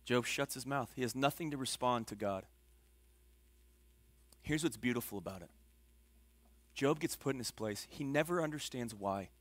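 A man preaching a sermon as pastor, swinging from hushed, low passages to loud, emphatic ones. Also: normal speed, pauses often, no echo.

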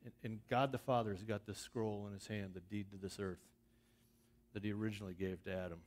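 A man's voice: fairly low pitch, fairly even intonation, a little fast. A man, a missions pastor, speaking to his church in a sermon, moving from easy asides to fervent, emphatic passages. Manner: earnest, builds to loud emphatic scripture reading; conversational with restarts and asides.

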